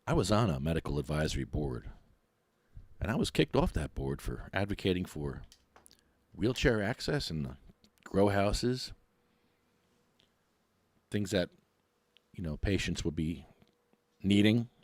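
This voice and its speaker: A middle-aged man, hosting a podcast and ranting in a mocking, animated way. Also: low-pitched, unhurried, long pauses, no echo. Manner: animated, mocking, laughs often. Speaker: podcast host.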